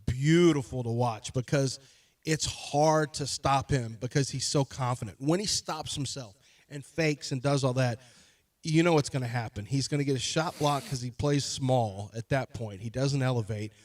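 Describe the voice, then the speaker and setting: A man co-hosting a casual sports radio show, talking fast and loose about basketball and acting out players with mock voices. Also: medium pitch, dry recording, studio quality. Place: radio studio.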